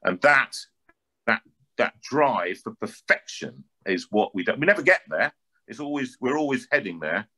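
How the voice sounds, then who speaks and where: A man with a North London accent, an opera singer telling stories in an interview with lively, animated delivery and frequent word repeats. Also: mid-range voice, normal speed, breathy edge. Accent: North London English. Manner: lively, repeats words while building a point.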